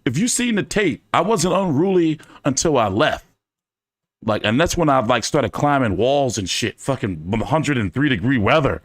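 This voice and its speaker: A man hosting a casual fan chat, telling stories in an animated, profane way with many fillers. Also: mid-range voice, moderate pace, no echo, studio quality. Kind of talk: casual storytelling to a live chat.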